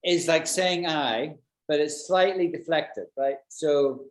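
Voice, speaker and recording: A man's voice: fairly high pitch, slow pace, reverberant. Chatty British man teaching English. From Britain. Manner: chatty, explains with examples and checks understanding. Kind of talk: online English lesson with students.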